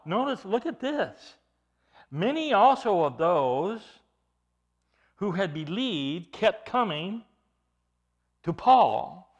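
Guy preaching a sermon, emphatic, keeps restarting phrases, voice swoops up and down a lot. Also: high-pitched. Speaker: pastor. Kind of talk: expository sermon.

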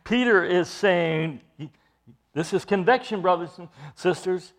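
A man's voice: high-pitched, unhurried, creaky. A man preaching an expository sermon, explaining scripture verse by verse with emphatic delivery.

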